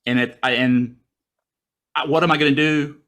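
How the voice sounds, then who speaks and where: A man telling a personal story in a casual way, acting out his own thoughts in a raised, excited voice, heard over a video call. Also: mid-range voice, moderate pace. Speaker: guest storyteller.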